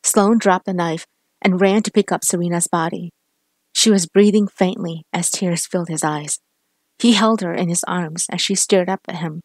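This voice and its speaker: A woman narrating a dramatic crime story in a steady, measured way. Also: fairly low pitch, dry recording, studio quality.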